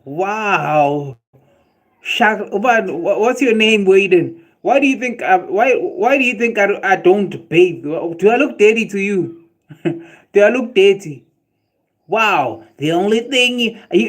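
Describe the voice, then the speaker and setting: Man, South African accent, high-pitched voice, livestream vlogger, animated ranting, casual chat.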